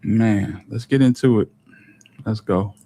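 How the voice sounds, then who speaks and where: A man, on the lower side, hosts a commentary stream. He talks in a casual, disbelieving, wry tone. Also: fairly even intonation, slow pace, mellow, a little hiss or hum. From Alabama. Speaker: commentary host.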